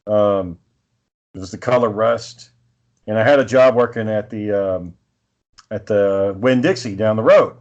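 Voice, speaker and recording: A man's voice: on the low side, unhurried, pauses often, a little mellow, dull audio. A man co-hosting a podcast, telling a rambling, profane story in a casual, laid-back way. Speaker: podcast co-host.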